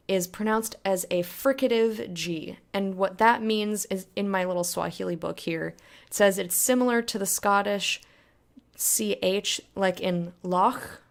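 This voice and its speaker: A woman giving a casual, rambling spoken lesson on pronunciation, chatty and full of fillers. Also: on the low side. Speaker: language tutor.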